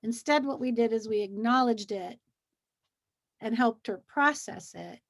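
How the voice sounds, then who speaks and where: A woman's voice: on the high side, unhurried, creaky. A woman in casual conversation, telling stories animatedly and acting out the things people say in a soothing or mimicking voice. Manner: animated storyteller, acts out quotes; soothing, gentle when quoting a child. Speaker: co-host. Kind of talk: casual chat.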